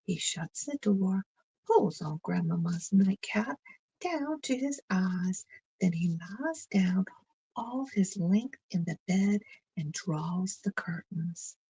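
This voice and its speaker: A woman storyteller reading a bedtime story aloud in a gentle, soothing way that often sinks close to a whisper. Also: mid-range voice, lively intonation, slow, husky, no room sound, low-quality recording.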